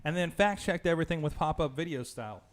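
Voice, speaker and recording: A man's voice: on the high side, animated, fast talker. A man hosting a live wrestling talk stream, chatty and laughing between sponsor plugs. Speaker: podcast host. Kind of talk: casual live-stream chat.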